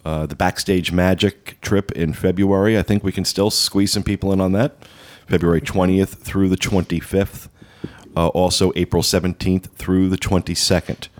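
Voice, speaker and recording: A man's voice: deep voice, flat delivery, moderate pace. A man hosting a casual podcast, talking through news and trip plans with a loose, rambling delivery full of fillers. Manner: rambling, many uh fillers, upbeat promo talk. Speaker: podcast host.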